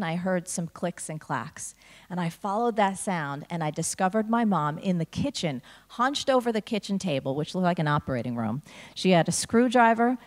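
A woman from New Jersey giving a motivational talk to a school audience, telling stories and acting out the dialogue. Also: lowish voice. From New Jersey, USA. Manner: animated storyteller, acts out dialogue. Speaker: speaker addressing a school audience. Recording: long reverb of a large hall.

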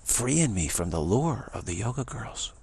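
A man speaking in a rambling spiritual monologue, halting and restarting, with mocking asides. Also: on the low side, big pitch swings, a little mellow, a little hiss or hum.

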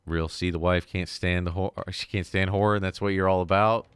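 A man's voice: low-pitched, level tone, a little fast, smooth, dry recording. A young man hosting a casual let's-play, joking and swearing in a laid-back way. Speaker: host. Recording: game music playing behind.

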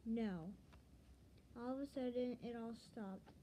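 A woman's voice: on the high side, slow pace, dark tone, a little hiss or hum, poor audio. A woman reading her own story aloud in an earnest, dramatic storytelling manner.

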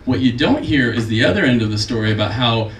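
Talking fast, a man in his forties does a stand-up comedy set before a live club audience, self-deprecating and deadpan, with high put-on voices for the people he quotes. The distant mic picks up room echo, crowd noise and a little hiss or hum.

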